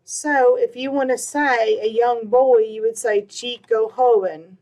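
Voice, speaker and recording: A woman's voice: a little high, steady tone, darkish tone. Patient woman teaching Spanish. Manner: patient, repeats words slowly, fillers like all right and um. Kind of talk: recorded grammar lesson.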